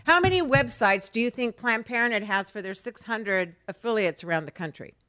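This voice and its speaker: A middle-aged woman from the United States giving an animated storytelling speech at a fundraising event. She acts out quoted dialogue and repeats words for emphasis. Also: fairly high pitch, a little fast. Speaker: speaker at a fundraising dessert. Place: event hall.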